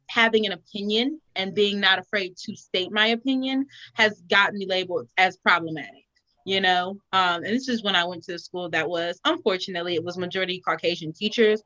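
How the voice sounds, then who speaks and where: Bright-voiced woman chatting animatedly. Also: medium pitch, dry recording, lo-fi sound. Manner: animated, expressive storytelling. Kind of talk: casual chat.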